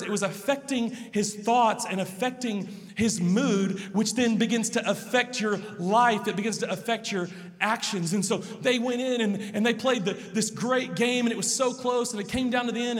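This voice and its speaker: Pastor, male, high voice, earnest conversational sermon delivery, long reverb of a large hall. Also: normal speed. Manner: earnest, conversational preaching with personal stories.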